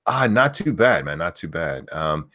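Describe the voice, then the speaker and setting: A man hosting a casual livestream who loudly yells out viewers' names, then drops back into loose, swearing chatter. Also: low-pitched, very animated, unhurried. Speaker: livestream host.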